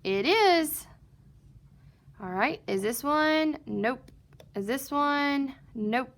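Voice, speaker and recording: A woman records a phonics lesson for first graders, slowly and patiently sounding out parts of words and answering the questions she poses herself. Her voice is high-pitched and a bit bright, with lively intonation.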